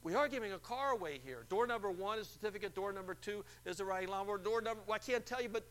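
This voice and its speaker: An insistent male radio announcer, as a preacher puts him on, talking higher and louder than plain speech. He patiently spells everything out, as if he cannot believe the caller. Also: expressive, rapid-fire.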